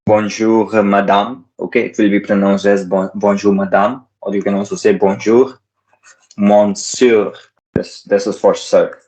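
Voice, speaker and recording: A man tutoring in a relaxed way, repeating words slowly and mixing in Hindi phrases. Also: lowish voice, poor audio. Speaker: French tutor. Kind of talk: casual teaching.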